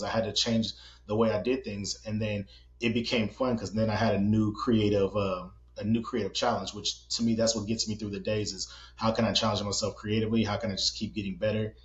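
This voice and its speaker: A playful man hosts a podcast and tells stories at a fast clip in a lowish voice. The recording has a roomy echo and sounds muffled. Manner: playful, joking, quick storyteller. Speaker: podcast host. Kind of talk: casual interview chat.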